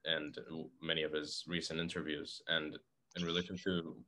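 A man with an exceptionally low, deep voice joins a casual philosophical podcast discussion. He lays out his points in a measured, careful way, building the argument step by step. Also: level tone, noisy background. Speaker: podcast guest.

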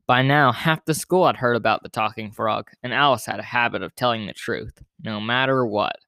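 A man reading a children's picture book aloud in plain, steady narration. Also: medium pitch, normal speed, creaky, no room sound, studio quality. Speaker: storyteller.

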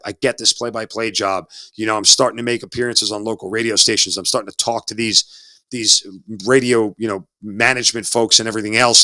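Man in his 40s telling his story, bright slightly low voice, stumbles and restarts, dry close sound. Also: no echo. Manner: reflective, repeats words and restarts often. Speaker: interview guest, former Army officer. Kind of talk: conversational storytelling.

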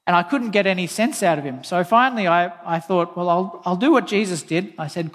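A man's voice: high voice, fairly quick, hardly any pauses, fairly bright tone, in a large hall. A man preaching a sermon, telling a personal story in an earnest, plain way and quoting scripture. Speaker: pastor.

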